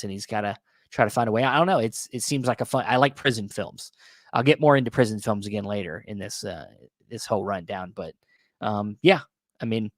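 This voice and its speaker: A man's voice: fairly low pitch, dry recording, clean studio sound. A man hosting a casual vlog about his recent Blu-ray purchases, rambling with many restarts and fillers, his voice a little worn as he is losing it. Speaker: video host reviewing Blu-ray purchases. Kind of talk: casual unscripted vlog talk.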